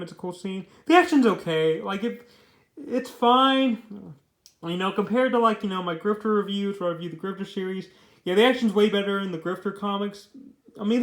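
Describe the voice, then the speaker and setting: A man's voice: high-pitched, reverberant. A young man casually reviewing a comic book. He rambles loosely, restarts his sentences and leans heavily on fillers.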